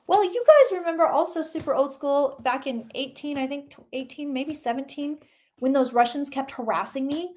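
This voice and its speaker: A woman reading tarot cards on a casual livestream, chatty and excitable, greeting viewers by name and swearing mildly. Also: high-pitched, moderate pace.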